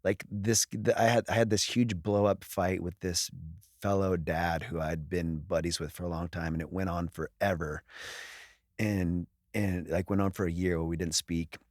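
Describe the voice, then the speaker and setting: A man's voice: low voice, level tone, moderate pace, no echo, clean studio sound. A man talking as a podcast guest, candid and earnest, with frequent restarts and casual swearing. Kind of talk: casual chat.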